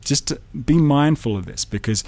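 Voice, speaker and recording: A man teaching audio recording in a relaxed, explanatory way, speaking into a studio condenser mic in a home studio. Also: mid-range voice, normal speed, vocal fry, dry recording. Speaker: audio engineering instructor. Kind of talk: hands-on microphone demonstration. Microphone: large studio condenser mic up close.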